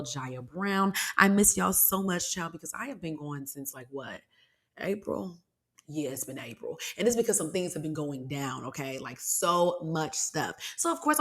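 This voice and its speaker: A woman's voice: on the low side, breathy edge. A young adult woman hosting a solo podcast, talking casually and animatedly with sassy asides to her listeners. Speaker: podcast host.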